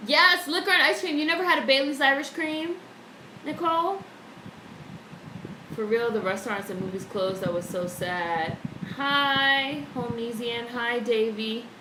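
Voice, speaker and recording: In a fairly high voice and without rushing, a woman chats casually on her home live stream, cursing openly and reading out viewer messages. The indoor room sounds echoey, with faint background noise.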